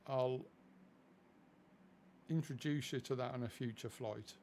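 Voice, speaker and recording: Brief: man from England, mid pitch, self-mocking flight-sim streamer, casual rambling commentary, faint background hiss. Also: a little slow, a little mellow. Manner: chatty, self-deprecating, easily distracted. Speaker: streamer playing a flight simulator.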